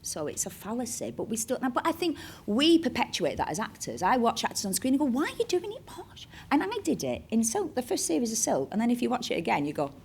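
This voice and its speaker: A woman's voice: on the high side, very animated, fast, gravelly, few pauses, darkish tone, slight background noise. A woman with a Bolton accent, a chatty, digressive storyteller who acts out the voices of people she is quoting in an onstage interview. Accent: Northern English, Bolton. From Bolton, Northern England. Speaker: actress, interview guest. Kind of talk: onstage interview, anecdotal chat.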